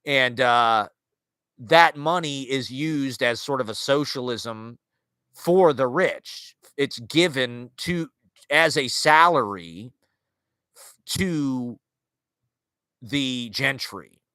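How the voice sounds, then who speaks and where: A man with a bright, forceful voice talks in a loose, wandering monologue, circling his points with fillers and restarts. The sound is dry and close, with no room around it. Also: medium pitch, slow, long pauses, clear, resonant tone, no echo. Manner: rambling, filler-heavy, restarts, wry asides. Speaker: podcast host. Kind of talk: casual monologue on literature and culture.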